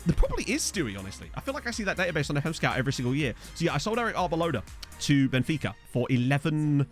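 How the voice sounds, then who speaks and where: A tired man streams a game and chats casually, reading viewer comments in a rambling, self-deprecating way full of fillers. His voice is a little high, very animated and rapid-fire, with faint music in the background.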